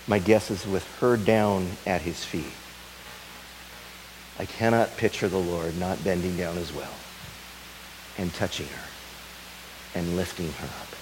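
A man pastor preaching a sermon, dramatic, swinging from loud urgency to a soft tender hush. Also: deep voice, steady tone, measured pace, pauses often, noisy background.

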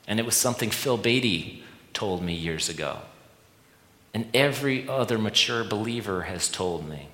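A man's voice: on the low side, animated, moderate pace, a bit bright. A man preaching an earnest sermon to a church gathering, repeating a refrain and often restarting his words. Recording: echoey hall with long reverb.

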